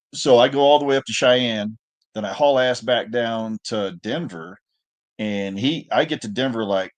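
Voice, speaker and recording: A middle-aged man telling a relaxed, profane story in a casual chat. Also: lowish voice. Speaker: podcast co-host.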